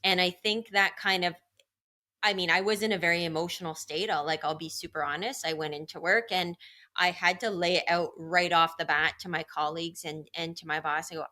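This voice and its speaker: A woman's voice: on the low side, steady tone, fairly quick, bright, forceful tone. A woman co-hosting a podcast, talking candidly and rambling a little with frequent laughs. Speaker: podcast co-host. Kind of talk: casual chat.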